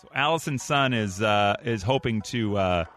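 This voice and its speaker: A man's voice: on the low side, expressive, moderate pace, fairly bright tone, faint music behind. A man hosting a morning radio show, joking around, laughing often and reading out listener texts. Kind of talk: casual radio banter.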